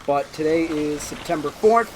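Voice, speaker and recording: A podcast co-host in their twenties chatting casually, expressive and quick to laugh. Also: mid-range voice, a crowd in the background. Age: 20s. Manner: expressive, reacts with loud laughter. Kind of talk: casual chat. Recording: noisy background hiss.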